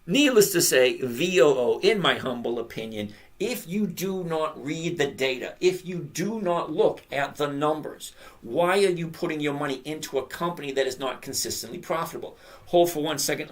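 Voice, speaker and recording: A trading host giving blunt, opinionated commentary while going through stock charts on screen, sarcastic and mocking, laughing at figures they dislike. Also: medium pitch. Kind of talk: screen-share market commentary.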